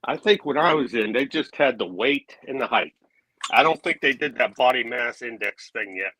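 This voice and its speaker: A middle-aged man reminiscing in a relaxed way in casual chat. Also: medium pitch, moderate pace, breathy edge, dry recording, low-quality recording.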